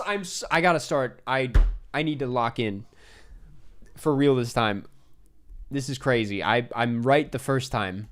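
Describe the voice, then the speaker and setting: A man streaming a geography guessing game, talking to himself and his chat in an excitable, casual way. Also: fairly high pitch, moderate pace. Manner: excitable, talks to himself while guessing, swears. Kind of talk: casual live gameplay chat.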